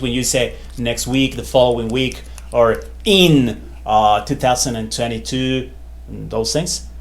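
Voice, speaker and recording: A man teaching a beginner Spanish grammar lesson in a chatty, loose way, full of fillers and repeated phrases. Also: medium pitch. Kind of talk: casual whiteboard lesson.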